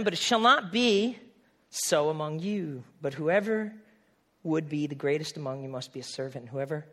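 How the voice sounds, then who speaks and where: A man from New England preaching a sermon in a conversational, animated way, acting out quick asides. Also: on the high side. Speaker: pastor.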